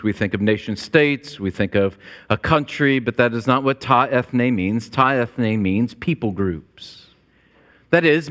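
A male pastor preaching with a fairly high voice and a slow, measured delivery. He drives his points home with emphatic repetition and lifts his pitch as he presses them. The long reverb of a large church trails after each phrase. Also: fairly bright tone. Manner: emphatic, repetitive cadence, builds to higher pitch when stressing points. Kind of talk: sermon.

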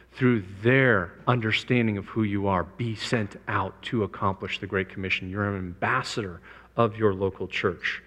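A man's voice: fairly low pitch, fairly bright tone. A man giving a missions talk to a live audience, emphatic and repeating his key points. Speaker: missions speaker. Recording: long hall reverb.

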